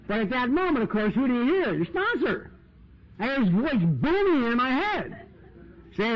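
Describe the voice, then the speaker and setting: A man with a very high speaking voice shares his recovery story, chatty and full of "you know" and "man". The recording is a dull, lo-fi 1990s tape with a faint hiss underneath. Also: big pitch swings, measured pace. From United States.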